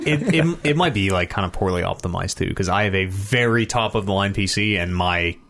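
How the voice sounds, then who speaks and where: A man's voice: fairly low pitch, very animated, moderate pace, fairly bright tone. A man co-hosting a podcast, chatting casually and animatedly, rambling and swearing now and then. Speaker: podcast co-host. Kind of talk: casual chat.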